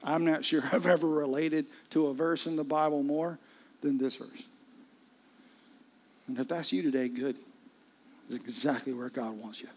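Husky-voiced man preaching a sermon. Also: fairly high pitch, steady tone, moderate pace, pauses often. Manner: conversational, intimate preaching with frequent hushed asides. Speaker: pastor.

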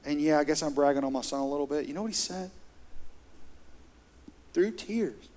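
A man's voice: a little high, moderate pace. A middle-aged man, preaching a sermon as pastor in an earnest, conversational way. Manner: earnest, conversational, with soft laughs.

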